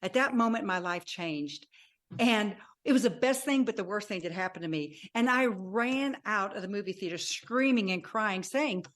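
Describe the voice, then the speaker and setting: A woman in her sixties, a podcast guest telling her life story in an animated way and acting out remembered dialogue. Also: medium pitch, normal speed. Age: 60s. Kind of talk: personal storytelling.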